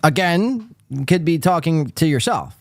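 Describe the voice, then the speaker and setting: Male podcast host, snarky reaction commentary, lively high-ish delivery. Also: a little slow, dry recording, clean studio sound. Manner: sarcastic, profane, rambling. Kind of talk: casual commentary.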